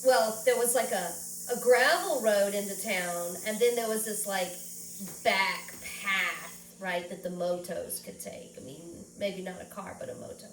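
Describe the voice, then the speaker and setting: A woman's voice: mid-range voice, a little slow. A woman talking in a rambling, emotional personal vlog, at times close to tears. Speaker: vlogger. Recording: roomy echo, far from the mic, faint background noise.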